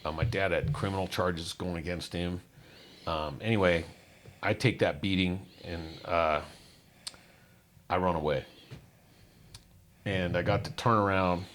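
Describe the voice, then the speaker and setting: A man telling his own life story candidly, acting out what others said and dropping low and quiet on the painful parts. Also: steady tone, measured pace, long pauses, slight background noise. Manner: candid, acts out quoted voices, drops low on painful parts. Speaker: guest. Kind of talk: personal storytelling.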